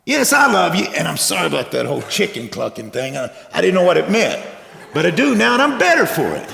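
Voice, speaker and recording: A man playing a stammering, excitable Peter. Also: high-pitched, fairly quick, vocal fry, full character voice. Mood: earnest. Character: Peter, a bumbling excitable fisherman disciple. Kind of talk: church skit acting. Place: church stage. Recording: echoey church hall.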